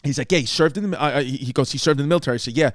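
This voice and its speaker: A man's voice: on the high side, racing, no room sound, studio quality. A man from New York City co-hosting a podcast, telling a long story in casual chat and acting out the other people's lines. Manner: animated storyteller, quotes others in lively voices. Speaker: podcast co-host.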